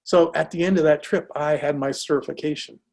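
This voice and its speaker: A man's voice: fairly high pitch, a little fast, vocal fry. A man telling a personal story in a motivational talk, acting out the dialogue as he goes. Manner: lively, acts out dialogue in anecdotes. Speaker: speaker.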